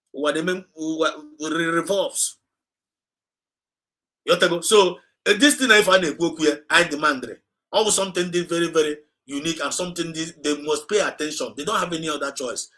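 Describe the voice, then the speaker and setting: A man's voice: a little high, normal speed, sharp tone, poor audio. Urgent Nigerian man exhorting his listeners. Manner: mixes Igbo and English mid-sentence. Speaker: activist livestream host. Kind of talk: impassioned livestream address.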